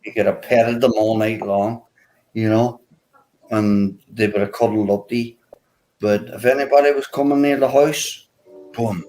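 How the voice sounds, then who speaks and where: A man's voice: fairly low pitch, fairly even intonation, normal speed, warm tone, low-quality recording. A man chatting casually on a video call, rambling with many "you know" fillers. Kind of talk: casual chat.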